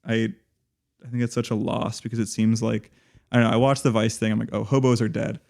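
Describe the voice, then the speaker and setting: A man's voice: lowish voice, completely flat delivery, fairly quick, gravelly, darkish tone. A man co-hosting a podcast, talking casually and rambling, with many fillers and restarts. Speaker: podcast co-host.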